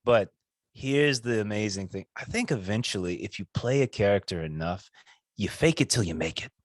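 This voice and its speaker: Casual podcast co-host, a man with a low, very lively voice and a dry close-mic sound. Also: moderate pace, no echo. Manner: animated storytelling, swearing, does mock voices. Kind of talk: casual chat. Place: living abroad, talking indoors.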